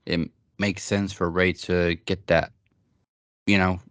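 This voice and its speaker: A man's voice: deep voice, flat delivery, slow pace, no echo. A man co-hosting a casual wrestling chat, in a laid-back, offhand way. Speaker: podcast co-host.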